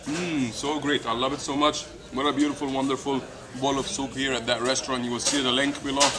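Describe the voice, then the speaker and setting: A middle-aged man eating and reviewing a meal, effusive and a little hoarse from hot pepper. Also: mid-range voice, level tone, fairly quick. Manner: enthusiastic, repeats "delicious" and "beautiful". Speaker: food vlogger. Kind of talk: casual food review while eating. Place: busy restaurant, indoors. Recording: noisy restaurant with crowd chatter. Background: crowd chatter.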